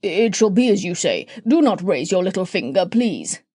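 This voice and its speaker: A woman's voice: fairly low pitch, very animated, normal speed, mellow, husky, no room sound, clean studio sound. A woman voicing a pompous, blustering king in a storybook, speaking indignantly. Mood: pleading.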